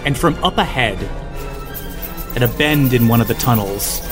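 A man narrating as game master of a tabletop game, with vivid, quick description. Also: mid-range voice, expressive, music in the background.

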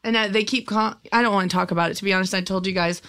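A young adult woman, a guest comedian on a podcast, doing improvised bits in a deadpan, flustered way and often breaking into giggles. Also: mid-range voice, very fast, clean tone.

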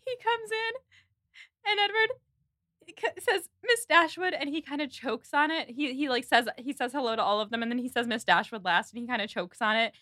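A woman's voice: sits high, moderate pace, no room sound, clean studio sound. A woman co-hosting a podcast, chatting casually and acting out the characters' lines as she recaps a film. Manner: animated, acts out characters' lines. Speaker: podcast co-host.

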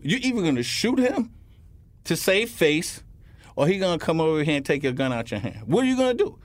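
A man's voice: on the high side, very animated, fairly quick, dry recording. A man, a retired police officer, telling stories in an interview and acting out the people in them. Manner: acts out scenes in quoted voices, emphatic. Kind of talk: animated storytelling interview.

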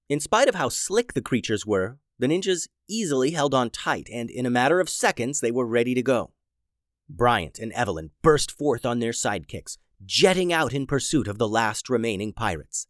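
A man narrating a children's adventure story in an animated, dramatic way. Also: mid-range voice, dry recording, clean studio sound.

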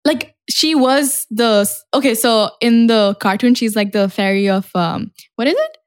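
Slangy young woman, high voice. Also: measured pace, clear, resonant tone. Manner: slangy, blunt. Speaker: podcast co-host. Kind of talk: casual chat.

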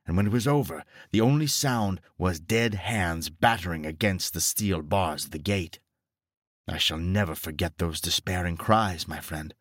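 A man reading a scripted horror story in a steady, grave storytelling manner. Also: sits low, no room sound, clean studio sound. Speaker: narrator.

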